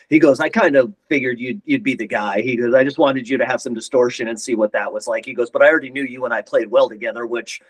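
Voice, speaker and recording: A man's voice: mid-range voice, low-quality recording. A middle-aged man, a guitarist, telling band stories in a casual interview, rambling and acting out quotes. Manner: rambling anecdotes, acts out quotes. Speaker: guest guitarist.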